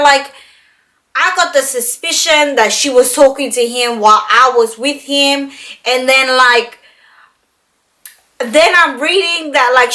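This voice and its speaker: A young woman vlogger telling a personal story in a casual, animated way, full of "like" and swearing. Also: high voice. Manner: animated, swears freely, fillers of "like". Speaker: beauty vlogger.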